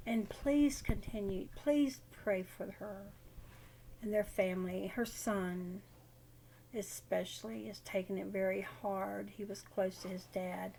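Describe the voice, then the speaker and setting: Slow, gravelly older woman talking. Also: mid-range voice, steady tone, warm tone, slight background noise. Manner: halting, rambling storytelling. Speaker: widowed grandmother. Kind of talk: casual personal vlog.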